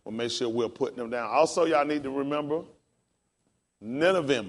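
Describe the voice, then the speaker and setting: Here the same kind of class is led by a male pastor at a moderate pace, his voice medium in pitch. He stays casual and encouraging, spelling out words one letter at a time.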